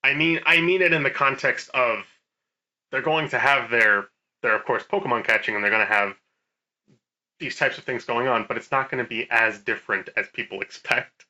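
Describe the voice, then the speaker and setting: A man's voice: medium pitch, normal speed, sharp tone, lo-fi sound. A man co-hosting a podcast, talking emphatically about games, swearing casually and restarting words. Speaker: podcast co-host. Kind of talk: casual gaming chat.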